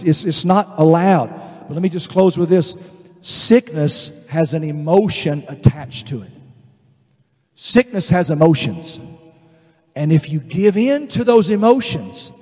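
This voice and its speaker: A male pastor preaching a sermon, animated and emphatic, acting out voices of the people he describes. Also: high-pitched, long reverb tail. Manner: animated, acts out quoted voices, builds to emphatic declarations.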